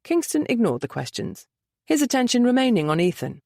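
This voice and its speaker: Lively woman narrating a romance novel. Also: mid-range voice, fairly quick, no room sound, clean studio sound. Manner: expressive, varied storytelling. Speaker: audiobook narrator. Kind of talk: scripted narration.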